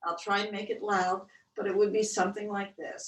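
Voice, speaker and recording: A woman yoga instructor leading a webcast breathing class, with slow, gentle counted cues. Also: medium pitch, flat delivery. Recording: roomy, distant webcast audio.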